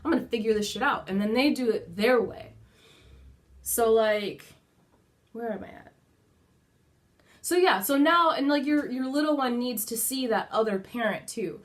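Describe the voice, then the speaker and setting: Chatty mom giving candid advice. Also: female voice, on the high side, lively intonation, a little slow, long pauses. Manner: chatty and candid, casual swearing, many fillers like "like". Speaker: mother sharing parenting advice. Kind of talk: casual motivational talk to camera. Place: at home indoors.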